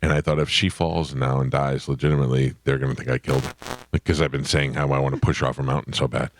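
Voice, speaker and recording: A man hosting a radio show, telling stories in wry, deadpan banter. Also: extremely low pitch, fast, slight background noise. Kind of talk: casual studio banter. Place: radio studio.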